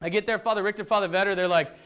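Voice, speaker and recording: A Catholic priest from North Dakota tells a funny, self-deprecating personal story to an audience and acts out the dialogue. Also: male voice, high-pitched, rapid-fire, clear, resonant tone. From North Dakota, USA. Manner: animated storyteller acting out quoted dialogue. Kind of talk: personal testimony told to an audience.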